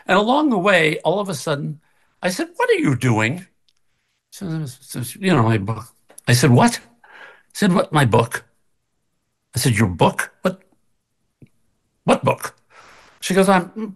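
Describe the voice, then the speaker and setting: An older man, a guest on a video call from his kitchen, telling an animated story and acting out both sides of the conversation. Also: on the high side, a little slow, long pauses. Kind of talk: casual storytelling. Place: kitchen at home.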